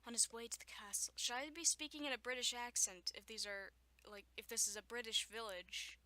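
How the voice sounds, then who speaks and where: Bright-voiced young woman reading with sarcastic asides. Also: a little high, steady tone, brisk. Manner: sarcastic asides, breaks off to joke; frequent laughter and stumbles. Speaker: YouTuber reading a story. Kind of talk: reading aloud with running commentary. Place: at home.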